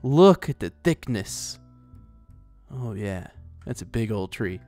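A man's voice: fairly low pitch, sing-song, slow pace, a little mellow, soft background music. A man hosting a let's play, chatting casually and rambling as he plays, often talking to the animals in the game. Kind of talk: casual gameplay commentary.

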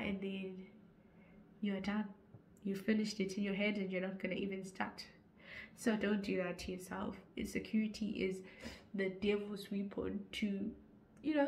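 A woman's voice: medium pitch, slight background noise. A young woman with a Zimbabwean accent, giving an earnest motivational vlog talk on insecurity. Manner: earnest, preachy, rising to forceful urging. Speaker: YouTuber.

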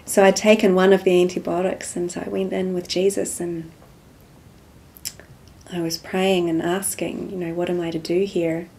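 Woman, low flat voice, mellow tone, quiet storytelling, interview guest. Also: normal speed. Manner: soft-spoken storytelling, acts out quoted dialogue. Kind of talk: personal spiritual testimony.

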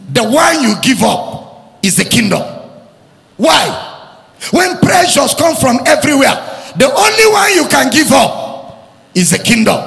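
A male pastor with a Nigerian accent preaching an impassioned sermon, shouting and chanting at the peaks. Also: high voice, vocal fry. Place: church hall. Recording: music and long reverb of a big hall.

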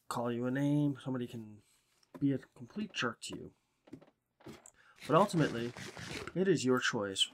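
A man in casual game commentary, rambling and easygoing, who slips into a higher sing-song voice to coax animals. His pitch sits mid-range for a man, and he chews a cough drop while talking. A steady hiss of background noise runs under the recording. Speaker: gameplay commentator.

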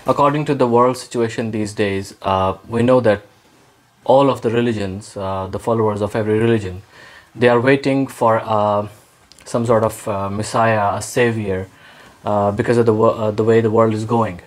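A man hosting an interview, introducing the series and asking his guest questions in a measured, careful way with many pauses. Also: fairly low pitch, fairly even intonation. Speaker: host.

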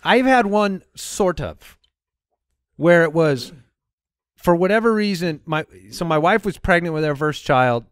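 A man's voice: a little high, measured pace, clear, resonant tone, dry recording, studio quality. A man in his thirties co-hosting a comedy podcast, telling stories in casual chat with jokey asides. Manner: animated storyteller, jokey asides.

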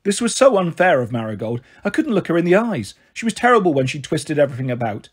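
A man reads a children's novel aloud in a steady first-person narration. His voice sits a little high for a man and has a husky edge. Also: quick pace. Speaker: storyteller. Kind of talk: storybook reading.

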